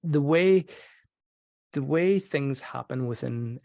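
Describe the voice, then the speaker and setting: A man hosting a psychology podcast, explaining his approach in a relaxed conversational way and acting out short example dialogues. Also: mid-range voice, slow, vocal fry. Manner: explanatory, acts out example dialogue, frequent restarts. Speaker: podcast host and motivational interviewing trainer. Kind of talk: conversational teaching.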